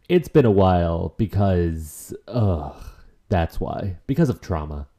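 A man's voice: low-pitched, lively intonation, slow, mellow. A man hosting a solo podcast in casual chat, rambling emotionally and swearing freely. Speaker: podcast host.

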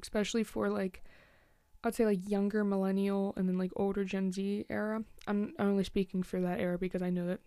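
Gravelly-voiced chatty young woman host. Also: medium pitch, flat delivery, brisk, dark tone, dry recording, studio quality. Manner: chatty, rambling, laughs often, many "like" fillers. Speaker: podcast host. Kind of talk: casual solo podcast chat.

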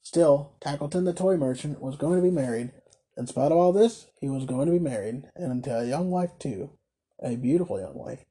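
A man reading a classic novel aloud as narrator, with a measured, slightly wry delivery. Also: fairly high pitch, expressive, warm tone, slightly rough. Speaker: audiobook reader. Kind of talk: storybook narration.

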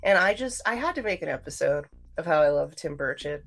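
Woman, livestream host, husky-fry low voice, casual rambling chat to viewers. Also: lively intonation, fairly quick. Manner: chatty, rambling, talks straight to viewers.

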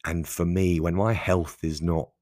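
A man's voice: fairly even intonation, a little slow, darkish tone, dry recording, clean studio sound. A man hosting a solo podcast, talking candidly and conversationally with frequent restarts and asides. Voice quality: gravelly, husky low voice. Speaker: podcast host. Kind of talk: casual solo podcast monologue.

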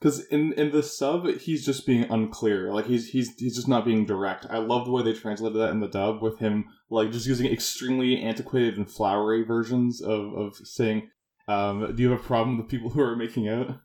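A man co-hosting a podcast in casual chat, easygoing and quick to laugh. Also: medium pitch, steady tone, darkish tone. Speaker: podcast co-host.

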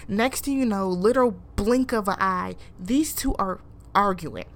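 A woman with a medium-pitched voice recaps a reality show in casual commentary, speaking unhurriedly. She's animated and incredulous, acting out what people said and posing rhetorical questions.

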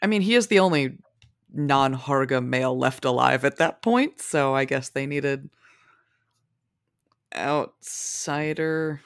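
A podcast guest talking casually about a film, rambling and profane with quick asides. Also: mid-range voice, fairly bright tone, smooth, no room sound, studio quality.

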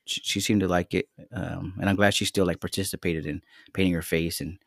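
A middle-aged father chatting casually on a podcast, rambling and swearing, often trailing off quietly. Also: sits low, flat delivery, a little fast, vocal fry, no echo, clean studio sound. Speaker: podcast co-host. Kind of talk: casual chat.

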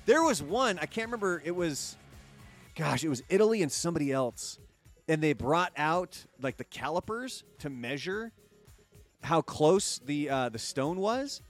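A man hosting a casual live-streamed talk show, chatty and jokey, with an energetic quiz-host delivery. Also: a little high, a little slow, soft background music.

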